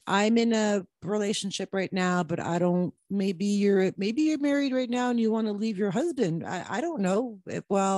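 Midlife mindset coach, woman in her 50s, mid-pitched, profane and blunt, tough love straight to camera. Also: darkish tone, no room sound, studio quality. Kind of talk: casual direct-to-camera pep talk.

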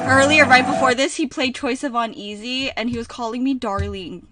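A woman's voice: a little high, normal speed, hardly any pauses, distant mic, loud music behind the voice. A young woman streaming a reaction video, gushing and emotional, at times close to tears. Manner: gushing, emotional, swings to near tears and whispers. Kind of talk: excited reaction commentary.

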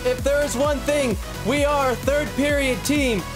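Over soft background music, a young man narrates his own hockey video game match with excited play-by-play. His voice is strikingly high, and this YouTuber fires off plays quickly, laughing and yelping whenever a shot barely misses.

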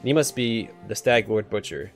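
A man's voice: lowish voice, lively intonation, moderate pace, faint music behind. A man reading aloud the lines of an arrogant, bored baron in a haughty, offhand way.

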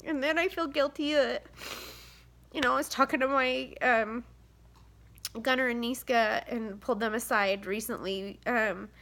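Her voice is a little high, steady and a bit bright, and she speaks unhurriedly. She's a mother of seven in her thirties, tired and nearly crying as she rambles through a tearful confessional vlog to the camera with many fillers and sighs.

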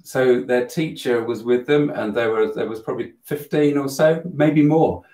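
A man telling a spiritual story in a live Q&A, earnest and animated, often restarting his sentences. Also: mid-range voice, normal speed. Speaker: host of a spiritual channel. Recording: roomy echo.

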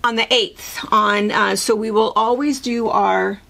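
A woman's voice: medium pitch, steady tone, measured pace, creaky, sharp tone. A woman hosting a casual chat, talking in a rambling way with restarts. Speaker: host. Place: fabric shop.

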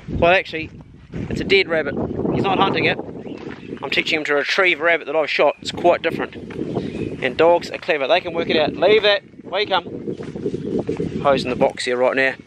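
A man's voice: fairly high pitch, noisy background. A man filming himself on a farm, giving casual hunting commentary, swearing freely and talking to his dog. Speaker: hunting vlogger. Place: outdoors on a farm.

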